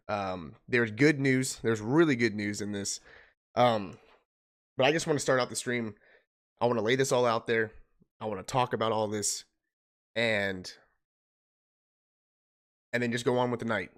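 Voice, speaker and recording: A young man streaming from home, telling an emotional personal story in a halting way, holding back tears. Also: medium pitch. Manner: halting, restarting, choked up.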